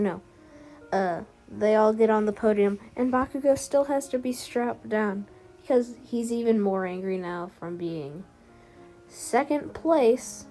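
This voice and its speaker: A woman's voice: a little high, mellow. A woman casually telling a fan story as a video narrator, rambling with fillers and restarts.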